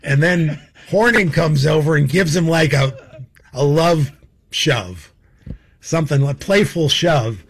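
A man's voice: on the high side, animated, slow, gravelly, slight background noise. A man telling stories as a guest in a casual chat, rambling with many fillers and laughing as he goes. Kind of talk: casual anecdotal storytelling.

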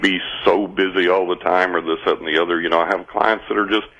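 A man's voice: low voice, fairly even intonation, fast, fairly bright tone. A man on a call-in radio show, explaining and reassuring in an earnest way. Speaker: radio show guest expert. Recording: dull radio sound.

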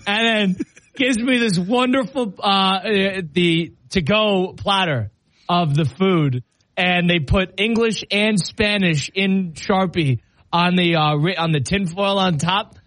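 A man's voice: high voice, slow, fairly bright tone, no echo. Chatty man telling a funny story. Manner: storytelling, self-mocking, laughs often. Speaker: radio show host. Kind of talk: casual on-air banter.

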